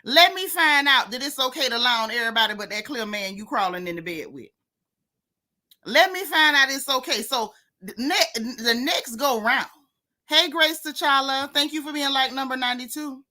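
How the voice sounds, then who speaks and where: A woman's voice: high-pitched, animated, moderate pace, bright, forceful tone. A woman hosting a casual gossip livestream, sassy and mocking as she talks straight to her viewers. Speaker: host of a gossip channel.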